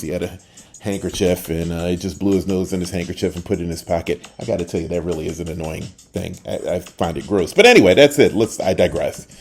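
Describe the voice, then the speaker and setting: An older man hosting a short podcast, telling a personal story in a casual, lively way and acting out the people he quotes. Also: sits low. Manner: animated, acts out quoted voices, trails off at the end. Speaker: podcast host.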